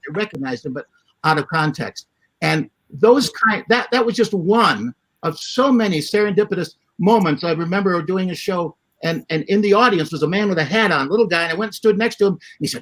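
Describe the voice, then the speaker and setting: A man's voice: high voice, animated, fairly quick, fairly bright tone. A man telling wry anecdotes as a guest on a casual livestream chat. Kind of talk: storytelling.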